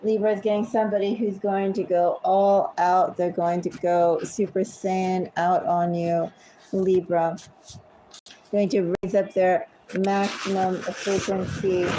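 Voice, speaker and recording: A woman's voice: fairly low pitch, flat delivery, takes it slowly, warm tone, slight background noise, poor audio. A woman giving a casual tarot reading at home, chatty and easily sidetracked. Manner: chatty, easily sidetracked, talks to her cats. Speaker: tarot reader. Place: home with cats.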